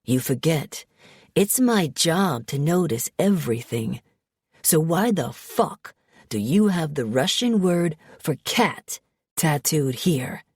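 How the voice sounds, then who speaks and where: A woman voicing a brooding, ruthless young mafia heir with a New Jersey accent, speaking in a low, slow, menacing drawl. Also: expressive, a little mellow, slightly rough, no echo, studio quality, exaggerated voice.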